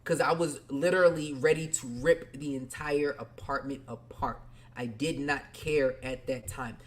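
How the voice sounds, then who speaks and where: A man hosting a podcast, telling a personal story candidly in casual slang, talking straight to his listeners and swinging between quiet and loud. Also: mid-range voice, a little slow. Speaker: podcast host.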